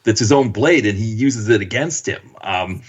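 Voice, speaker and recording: Male podcast co-host, husky voice, pitch swings widely while he retells scenes. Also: lively intonation, normal speed, lo-fi sound. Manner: enthusiastic, acts out quoted lines. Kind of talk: casual movie chat.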